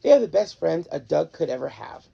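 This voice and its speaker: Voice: medium pitch, sing-song, a little fast, vocal fry, slightly rough, highs cut off, exaggerated voice. A reader voicing a cheerful, earnest male talking dog who speaks in a literal, formal way. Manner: literal, eager, formal speech.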